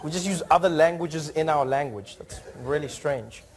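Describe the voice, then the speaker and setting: A man's voice: a little high, moderate pace. A man, a comedian host, joking animatedly with a live studio audience and slipping into funny accents. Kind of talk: improvised crowd work.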